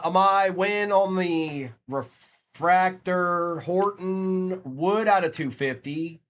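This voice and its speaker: A man's voice: on the high side, a bit bright. A man from Virginia hosting a live card break stream, rattling off player names and chatting with viewers between pulls.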